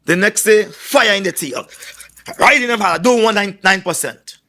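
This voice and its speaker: Boastful high-voiced Trinidadian man at a rally. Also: moderate pace. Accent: Trinidad and Tobago. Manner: boastful, forceful storyteller. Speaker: political candidate. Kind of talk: political rally speech.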